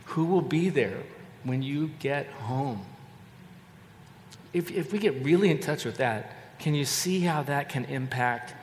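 An older man delivers a sermon in an earnest, measured way, often repeating a phrase for weight. His mid-pitched voice rings out in a large hall with a long reverb tail. A faint hum of ambience hangs behind him. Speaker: pastor.

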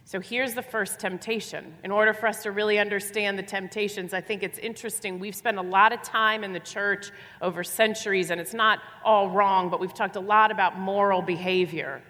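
A woman's voice: mid-range voice, steady tone, a little fast, hardly any pauses, bright, forceful tone. A woman preaching a sermon, speaking with emphasis, repeating her phrases and putting rhetorical questions to her listeners. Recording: long hall reverb.

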